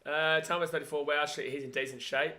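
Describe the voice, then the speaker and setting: Bright, excitable man. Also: a little high, brisk. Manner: chatty, excitable, yells at the screen. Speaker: watch-along host. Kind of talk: live match watch-along commentary.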